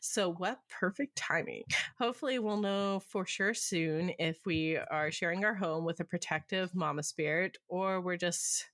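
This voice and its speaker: A woman with a husky voice reading listener stories aloud on a podcast, laughing often as she goes. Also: on the low side, moderate pace, fairly bright tone, no room sound, clean studio sound. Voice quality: husky smoker's voice. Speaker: podcast co-host.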